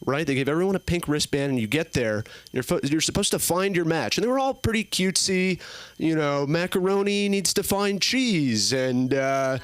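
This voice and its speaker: A young man in his early twenties works through a stand-up set, wandering through his stories with plenty of fillers. His voice sits slightly high and sounds smooth and clear, and the sound is dry with little room reflection. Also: animated, moderate pace, dry recording. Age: early 20s. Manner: rambling, filler-heavy storytelling. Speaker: stand-up comedian. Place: comedy club stage.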